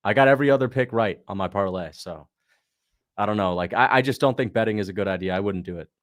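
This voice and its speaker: A man's voice: fairly low pitch, fast talker. A man hosting a casual watch-along livestream, chatting in a slangy way and answering viewers' questions. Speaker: livestream host.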